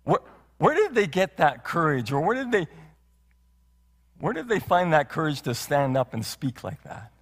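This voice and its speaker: High-voiced male pastor preaching. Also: big pitch swings, normal speed. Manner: earnest, repeats phrases and asks rhetorical questions. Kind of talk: sermon. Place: church sanctuary. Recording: long hall reverb.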